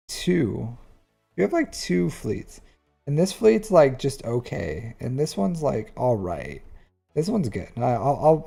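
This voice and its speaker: A man reviewing a player's game account on a live stream, chatty and animated, with lots of fillers. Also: on the high side, gravelly. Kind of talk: casual live-stream commentary.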